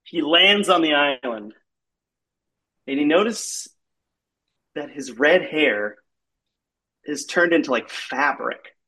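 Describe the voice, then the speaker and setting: A man spins an absurd comic story at an unhurried, slow pace and stops often to grope for words. His voice sits a little higher than most men's. The delivery is casual and halting, with lots of "like.". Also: lively intonation, pushed and bright. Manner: rambling, halting, full of "like".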